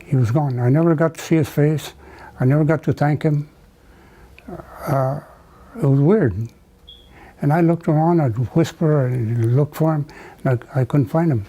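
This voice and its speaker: An older man from the United States, telling a wartime memory in an oral history interview, halting with many fillers and restarts. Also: fairly high pitch, warm tone, rough recording. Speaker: veteran interviewee.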